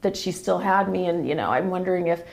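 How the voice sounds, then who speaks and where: A woman's voice: lowish voice, fast, creaky, a little mellow. A woman telling an emotional personal family story as a podcast guest, retelling what others said. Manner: emotional, quotes others in a run of retold dialogue.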